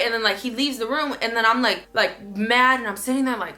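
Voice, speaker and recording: A young woman talking casually in a storytime vlog, rambling with many fillers and restarts, and acting out her own past lines with sudden loud outbursts. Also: a little high, fairly quick, hardly any pauses. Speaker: vlogger.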